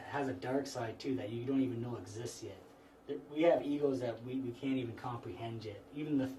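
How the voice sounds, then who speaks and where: A man giving an informal spiritual lecture to a small group, talking conversationally with frequent restarts. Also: mid-range voice. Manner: relaxed, conversational, frequent restarts and "you know". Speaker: class instructor. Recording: echoey room, mic far off, faint noise.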